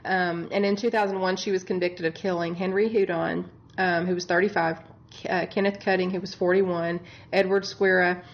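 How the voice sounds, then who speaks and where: This podcast co-host, a woman who works as a bedside nurse, has a lowish voice with little pitch movement and talks at normal speed; the audio's highs are cut off. Chatty and exasperated, she laughs frequently as she recounts a true-crime case.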